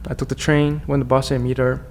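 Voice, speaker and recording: Podcast guest, man, mid-pitched and gravelly, candid storyteller. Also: flat delivery, fast talker, a little hiss or hum. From China. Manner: earnest, candid, with frequent restarts. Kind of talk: personal storytelling in conversation.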